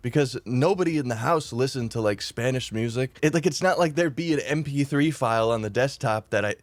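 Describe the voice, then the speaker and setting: A young man telling a rambling, animated storytime vlog, laughing at himself and swearing freely. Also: mid-range voice, a little fast, no echo. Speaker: YouTuber.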